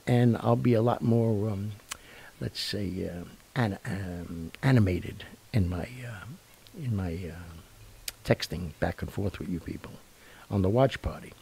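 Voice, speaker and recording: A man's voice: lowish voice, creaky, warm tone, slight background noise. A man hosting a live online show, rambling and joking in casual chat. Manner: rambling, jokey, with fillers and laughs. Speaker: show host.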